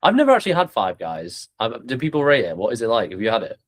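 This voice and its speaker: A young man hosting a podcast, chatting casually with lots of swearing, restarts and bursts of excitement. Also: mid-range voice, quick pace. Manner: swears freely, animated, many restarts. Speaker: podcast host. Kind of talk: casual chat.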